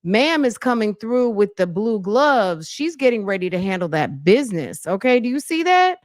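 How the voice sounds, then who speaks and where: A woman's voice: medium pitch, very animated, moderate pace, no room sound, studio quality. A woman giving sassy, teasing commentary as she reacts to a video.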